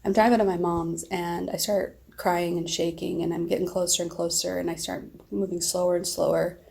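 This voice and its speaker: A woman's voice: lowish voice, flat delivery, normal speed, vocal fry, darkish tone, slight background noise. A middle-aged woman vlogging, telling a friend a long personal story in a rambling, emotional way.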